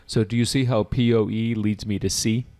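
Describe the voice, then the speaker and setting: Low-pitched guy going over listening test answers, laid back, talks right to the class. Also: steady tone, normal speed, darkish tone. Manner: casual, explanatory, talks to viewers directly. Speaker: IELTS teacher. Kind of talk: online exam prep lesson.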